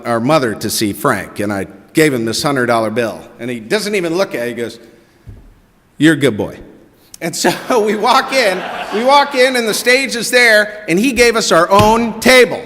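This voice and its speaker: Bright, animated man telling a story in a church. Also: high-pitched. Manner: animated, quotes people in their own voices. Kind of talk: personal story told to a congregation. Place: church sanctuary. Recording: long reverb of a church hall.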